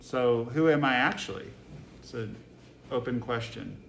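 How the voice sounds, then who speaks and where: In a meditation hall, a man from Boston, USA, a Zen teacher, gives a relaxed, humorous dharma talk to a live crowd, full of rhetorical questions. His medium-pitched voice is creaky and a little slow. The echoey room has faint ambience and a little hiss or hum.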